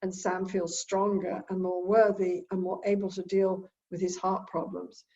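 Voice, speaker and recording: A woman's voice: lowish voice, level tone, moderate pace, darkish tone. A woman therapist giving an earnest teaching talk from home. She repeats key phrases and acts out quoted dialogue. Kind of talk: lecture-style talk recorded at home. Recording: dull lo-fi recording.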